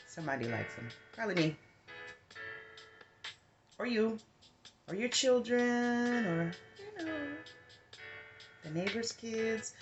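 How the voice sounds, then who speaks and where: A woman giving a casual spiritual message as a healer and advisor, chatty and meandering with lots of asides. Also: low voice. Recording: guitar music playing clearly behind. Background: guitar music.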